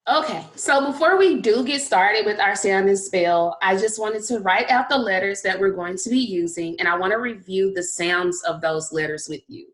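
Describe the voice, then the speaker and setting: A woman teaching a phonics lesson to young children, speaking in a slow, encouraging way and stretching out the sounds of words. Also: mid-range voice, fairly bright tone. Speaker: kindergarten teacher.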